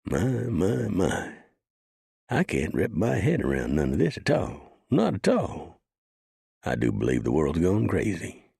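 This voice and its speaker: A man's voice: deep voice, huge pitch swings, measured pace, vocal fry, dark tone, slightly rough, dry recording, studio quality, voice pushed up, heavily acted. A man voicing a weary, fretful old male deputy in an audiobook, drawling and sighing. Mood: bewildered.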